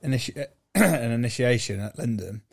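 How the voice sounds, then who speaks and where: A man's voice: medium pitch, lively intonation, gravelly, slightly rough. A man co-hosting a podcast, chatting casually with blunt, sweary humour and teasing the others. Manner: blunt and sweary, quick to tease. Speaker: podcast co-host. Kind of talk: casual banter.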